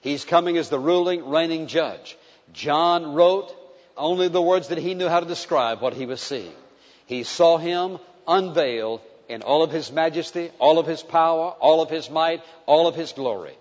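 A man preaching a sermon with passion, moving between emphatic declarations and hushed, tender passages. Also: fairly high pitch, moderate pace. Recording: dull lo-fi recording with long hall reverb.

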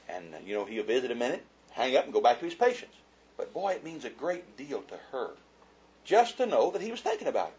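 A man's voice: medium pitch, sing-song, fast, darkish tone, slightly rough, highs cut off. A man giving a humorous, folksy talk about marriage to an audience, telling stories and chuckling as he goes. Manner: folksy storyteller, chuckling as he talks.

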